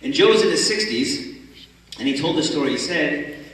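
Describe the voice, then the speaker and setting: A man tells a long story to a conference crowd, animated and acting out each person in it. His voice rings through a big, echoing hall with a long tail of reverb, picked up from well back from the mic. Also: on the high side, normal speed. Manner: animated storyteller, acts out the characters. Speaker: speaker at a religious conference. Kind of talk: storytelling talk. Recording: echoey hall from far off.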